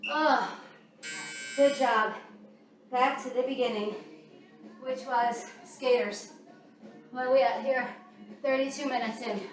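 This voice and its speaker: Breathless high-voiced woman coaching a workout. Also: steady tone, takes it slowly, long pauses, a little hiss or hum. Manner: counts down and cues moves while working out. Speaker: fitness instructor. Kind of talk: workout coaching while exercising. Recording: echoey room, voice from far off, music playing.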